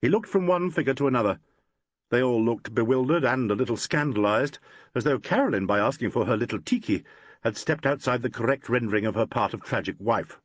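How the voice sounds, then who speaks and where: A man giving expressive scripted narration of a mystery audiobook. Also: mid-range voice, a little fast, no echo.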